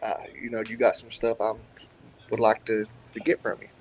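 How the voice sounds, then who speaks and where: A man's voice: lowish voice, completely flat delivery, a little fast, slight background noise, low-quality recording. A man on a live-stream panel, easygoing and joking, chatting casually. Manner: easygoing, joking, laughs often.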